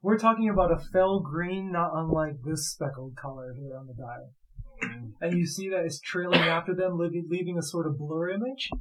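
A man acting as game master for a tabletop game, telling the scene with playful energy. He paints the action in a lively, casual way for his players. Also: a little high, moderate pace, rough recording. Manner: animated, playful storytelling.

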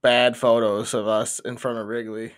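A man's voice: medium pitch, flat delivery, moderate pace. A young man co-hosting a podcast, telling rambling stories in casual chat and swearing often. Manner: swears a lot, rambling storyteller. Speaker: podcast co-host.

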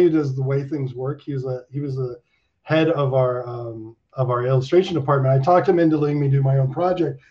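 A man around fifty, a guest in a casual interview, telling stories in an animated way, swearing and laughing, with lots of "like". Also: a little high. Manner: animated, swearing storyteller full of likes and laughs. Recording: dull lo-fi sound.

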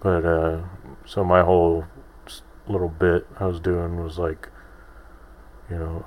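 Deep, slow-talking man rambling on a podcast. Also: level tone, darkish tone. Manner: rambling, self-deprecating, many restarts. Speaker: podcast host. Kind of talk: casual solo podcast monologue.

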